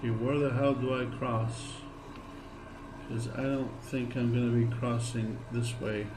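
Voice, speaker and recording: A man's voice: medium pitch, flat delivery, measured pace, noisy background. A tired man chatting to viewers while streaming a game, repeating phrases as he talks. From Greece. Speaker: gaming streamer. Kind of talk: casual live gameplay chat.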